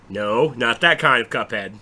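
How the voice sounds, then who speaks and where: A man hosting a casual recap of game news, excitable and swearing freely. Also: medium pitch, slow pace. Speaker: gaming show host.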